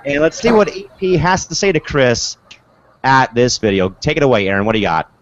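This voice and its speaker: A man's voice: mid-range voice, lively intonation, fairly quick, muffled recording. A man hosting a casual online sports show, talking chattily and repeating "of course" and "folks.". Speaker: podcast host.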